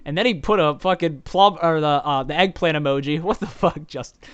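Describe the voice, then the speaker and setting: A man's voice: a little high, a little fast, a bit bright, smooth, no echo, muffled recording. A man co-hosting a livestream talk show, chatty and jokey as he reads out viewer comments. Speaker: podcast co-host. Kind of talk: casual livestream chat.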